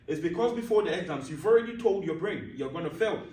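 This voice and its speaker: A man teaches a class on handling exam nerves, his voice a little higher than most. He poses questions and answers them himself, repeating key points and checking that everyone follows. The sound is roomy and picked up from some distance, as if in a classroom. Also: expressive, fast, a little mellow. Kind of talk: classroom lesson on exam stress. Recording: roomy echo, mic at a distance.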